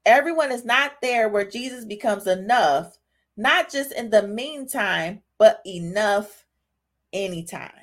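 Emotional woman preaching casually. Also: on the high side. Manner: conversational, asks listeners "y'all" and "right?", grows emotional. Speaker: podcast host giving a devotional talk. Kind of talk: casual spoken devotional.

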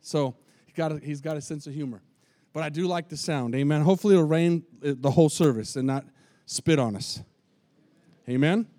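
A man preaches a sermon in a high, bright-pitched voice, folksy and full of calls to the congregation. The sound is close and dry, with little room echo. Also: brisk. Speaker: lead pastor. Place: church with a tin roof.

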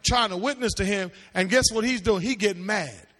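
High, bright-voiced preaching man. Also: brisk. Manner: animated, calls out to the audience, sing-song rises into shouts. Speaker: pastor teaching a seminary class. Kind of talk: preaching-style Bible teaching. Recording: long hall reverb.

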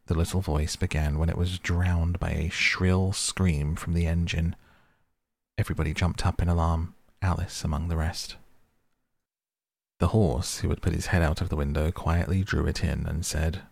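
A man reading a storybook aloud in a calm, even manner. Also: low voice, moderate pace, creaky, no room sound. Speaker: narrator. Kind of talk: audiobook reading.

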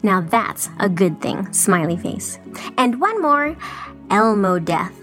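A woman podcast co-host reading a listener's email aloud in a chirpy, lively way. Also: mid-range voice, slow, over music.

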